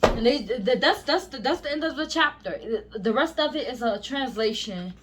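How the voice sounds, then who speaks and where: A woman's voice: a little high, normal speed, background noise. A woman reading scripture aloud and breaking off into casual, profane, emphatic commentary. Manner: profane, animated, emphatic, laughs and apologizes.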